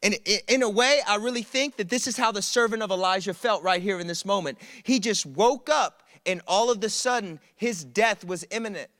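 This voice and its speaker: A man preaches to a college crowd, telling his own stories with humor and energy. His voice sits high and bright. The sound is close and dry. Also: fairly quick, few pauses, dry recording. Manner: animated, conversational storytelling with humor. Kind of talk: sermon. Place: church service.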